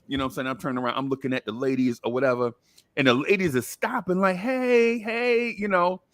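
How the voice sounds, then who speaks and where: A man's voice: mid-range voice, quick pace. A man, telling a long story in casual chat and acting out the other people's voices. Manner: animated storyteller, acts out voices. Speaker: podcast co-host.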